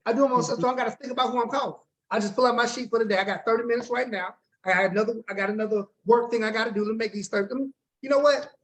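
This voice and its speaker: A man's voice: high-pitched, fairly even intonation, very fast, few pauses, fairly bright tone. A man coaching his team on a group video call, upbeat and slangy, talking straight to the group and checking in with them often.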